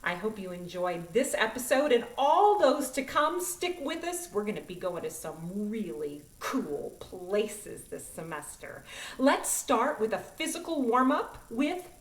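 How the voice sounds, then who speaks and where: A woman directing a children's choir in an upbeat online music lesson, talking in an animated, expressive way. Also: on the high side, a little slow. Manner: animated, expressive, demonstrates voice sounds. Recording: roomy, from a distance.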